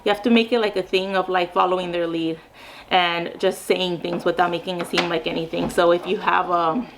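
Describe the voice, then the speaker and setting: A woman's voice: fairly low pitch, steady tone, a little fast, background noise. A young woman, a mom and speech therapist, giving casual advice in a chatty way with many fillers.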